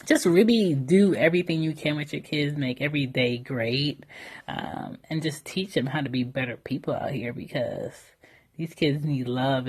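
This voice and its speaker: A young woman hosting a solo podcast, talking candidly and casually about motherhood, with fillers and mild swearing. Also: extremely low pitch. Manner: candid, conversational, with frequent fillers and mild profanity. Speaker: podcast host.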